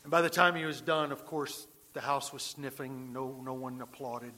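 A man's voice: medium pitch, little pitch movement, moderate pace, sharp tone. A male pastor preaching a sermon, telling a story earnestly and often repeating words as he builds his point.

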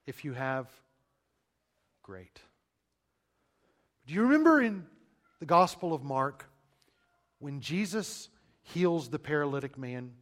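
A man preaching a sermon, calling listeners "beloved" and asking rhetorical questions, swinging from loud emphasis to a hushed near-whisper with long dramatic pauses. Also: on the high side, sing-song. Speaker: pastor.

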